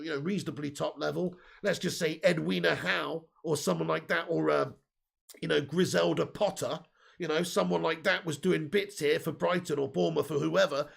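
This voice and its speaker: A man with a raised, gravelly voice and husky edges, chatting on a live football fan stream. He reads out viewer comments and answers them with strong, opinionated takes and a laugh here and there. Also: high-pitched. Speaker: football fan channel host. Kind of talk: live stream chat reading super chats.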